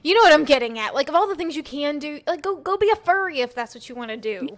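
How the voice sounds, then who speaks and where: Podcast co-host, woman, higher pitch, laughing and candid. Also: animated, fast. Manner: chatty, laughing, frank. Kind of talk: casual chat. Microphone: podcast microphone.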